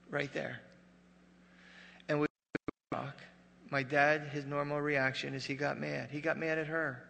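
An older male pastor delivers a heartfelt sermon. His voice is bright and gravelly with a slightly raised pitch. It carries through a long church reverb, moving from forceful emphasis to quiet confession. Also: slight background noise. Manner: emotional, rising to loud emphatic peaks, dropping low and quiet in grief. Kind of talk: sermon with personal story. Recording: reverberant hall.

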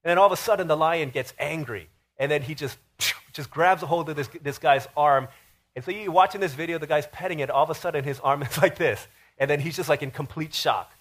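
A man preaching a sermon as pastor, telling stories in an animated, emphatic way. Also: fairly high pitch, fairly quick. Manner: animated storytelling with rising emphasis.

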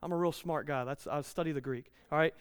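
A man's voice: a little high, quick pace, smooth, no echo, clean studio sound, long reverb tail. A man in his thirties preaching a conversational sermon, repeating key lines and rising in volume when he reads scripture.

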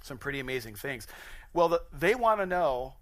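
A man preaching a sermon in an animated, conversational way, often chuckling at his own points. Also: medium pitch, normal speed. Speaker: pastor.

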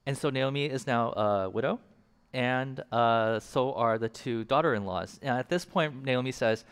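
A man's voice: medium pitch, moderate pace, smooth, in a large hall. A man preaching a casual, joking sermon, asking the congregation to repeat words after him. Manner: casual, joking, engages the audience. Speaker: pastor.

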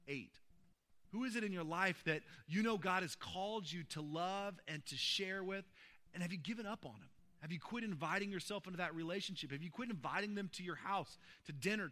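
A man's voice: sits high, pushed and bright. A man preaching a sermon as a pastor, earnest and building to emphatic peaks while telling personal stories in a church.

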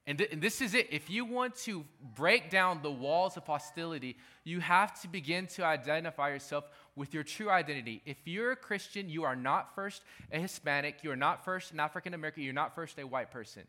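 A man's voice: a little high, brisk, hardly any pauses, pushed and bright. A man preaching a sermon as pastor, talking emphatically and repeating his key phrases.

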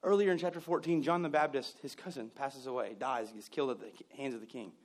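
A man's voice: medium pitch, fast talker. A man preaching a sermon, telling stories with mimicked voices and joking, sarcastic asides. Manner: jokey, sarcastic humor. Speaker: pastor.

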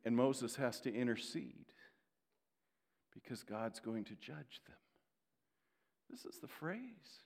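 A male pastor preaching a sermon, telling stories in an animated way and dropping in sarcastic asides. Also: mid-range voice, slow pace, gravelly, pauses often. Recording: long hall reverb.

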